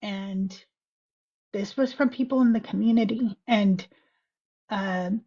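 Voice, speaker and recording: A woman's voice: mid-range voice, slow, warm tone, highs cut off. A woman on a podcast reciting spoken-word poetry and then talking candidly, emotional and close to tears, swearing freely. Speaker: podcast guest.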